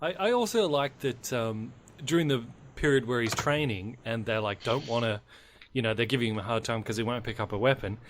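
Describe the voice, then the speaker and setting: A man talks easily with friends on a podcast about films. His delivery is laid-back and unhurried, with a mid-range voice. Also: mid-range voice, slight background noise. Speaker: podcast co-host. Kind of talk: casual movie review chat.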